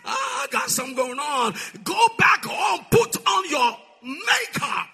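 A male preacher delivering a sermon, calling out to the congregation and swinging from shouting to soft, low asides. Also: big pitch swings, slow pace, gravelly. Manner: call-and-response, swings from shouting to near-whisper.

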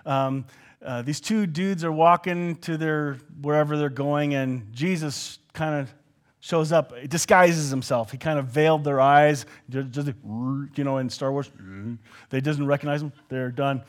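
A man preaching a casual sermon in a church hall, acting out quoted dialogue as he talks. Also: moderate pace. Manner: conversational, acts out quoted dialogue with swings in pitch and volume. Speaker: pastor.

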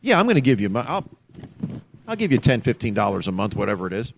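A man's voice: fairly low pitch, fast talker, creaky, a little hiss or hum. A man, a former state trooper, telling a story in casual chat and acting out the voices of the people in it. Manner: animated storyteller, acts out the people he quotes.

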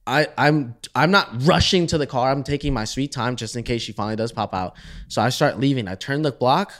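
A man co-hosting a podcast, telling a story in casual chat with many restarts, often trailing off quietly. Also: medium pitch, brisk. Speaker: podcast co-host.

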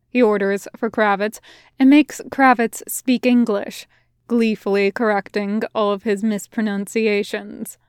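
A woman narrating a piece of fan fiction aloud in an even storytelling manner. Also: medium pitch, smooth, dry recording, studio quality. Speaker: podfic reader.

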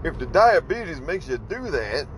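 A man's voice: on the high side, big pitch swings, a little slow, slight background noise. A man hosting a livestream, giving casual ranting commentary in an exasperated, incredulous way, firing off rhetorical questions. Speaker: livestream host.

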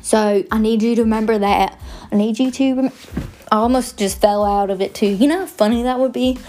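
Chatty, rambling young woman, higher voice. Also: fairly quick, warm tone, a little hiss or hum. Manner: chatty, rambling, goofy, self-mocking. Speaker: podcast host. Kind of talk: casual rambling chat.

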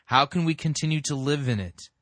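Give me a critical male sermon reviewer with a bright voice and dry, close sound. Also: fairly high pitch, a little fast, no echo. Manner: critical, explanatory, reads scripture. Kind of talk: commentary.

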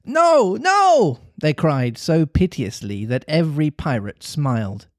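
A man reading a storybook aloud in an expressive, measured way, stopping to chat as host. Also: mid-range voice, dry recording, studio quality. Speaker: story reader and podcast host.

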